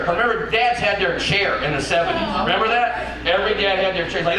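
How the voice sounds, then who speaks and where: A man's voice: high voice, lively intonation, racing, few pauses, distant mic, a crowd in the background. A middle-aged man doing a profane stand-up set, telling stories and acting out his family's voices. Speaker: stand-up comedian. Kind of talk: stand-up set then casual chat. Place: comedy venue, large hall. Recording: echoey hall recorded from afar with loud noise.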